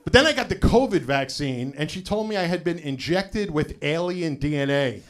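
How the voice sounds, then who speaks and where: A middle-aged man doing a live stand-up set, telling stories in a loose conversational way with deadpan punchlines and lots of "you know" asides. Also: on the high side, moderate pace. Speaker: stand-up comedian.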